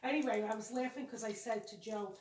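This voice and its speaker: A woman's voice: fairly high pitch, fairly quick, background noise. A woman chatting casually and rambling a bit while showing holiday decorations in her home vlog. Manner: rambling, chatty, self-correcting. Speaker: co-host of home decorating channel. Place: home room with decorated tree. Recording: echoey room, mic at a distance.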